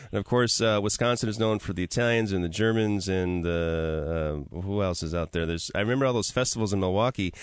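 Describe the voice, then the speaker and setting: A man's voice: fairly low pitch, clear, resonant tone, no echo. A man hosting a casual radio talk show from a studio, upbeat and chatty, laughing easily. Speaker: radio host.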